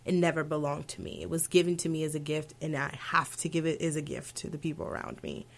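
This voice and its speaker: An opera singer, interviewed as a guest, tells her stories with emotion, animation, and laughter in a conversational way. Her voice sits low and is gravelly, and she talks fast.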